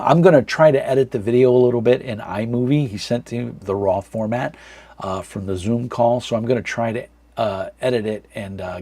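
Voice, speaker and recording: A man in his thirties hosting a casual live chat from a dark room at home, rambling with many fillers and reading chat comments aloud. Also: on the low side, breathy edge. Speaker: livestream host.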